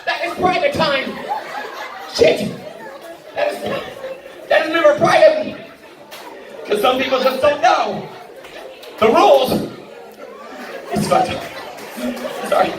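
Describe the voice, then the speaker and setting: A woman's voice: sits high, slow pace, long pauses, crowd noise. Brash woman comic in an echoey hall. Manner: brash, profane, laughing through punchlines. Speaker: stand-up comedian. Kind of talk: stand-up comedy set. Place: large indoor hall at a live benefit show. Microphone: phone camera from the audience, far from the stage. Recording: echoey hall recorded from far off. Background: audience laughter and room noise.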